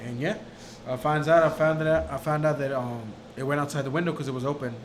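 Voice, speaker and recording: Young guy w a pretty high voice, laughy animated storytelling, bit of faint background noise. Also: quick pace. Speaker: podcast co-host. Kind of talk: casual chat.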